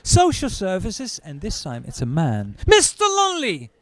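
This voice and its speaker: A middle-aged man doing stand-up storytelling, who acts out other people in high, loud put-on voices. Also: huge pitch swings, unhurried, slight background noise. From Britain. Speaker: stand-up comedian.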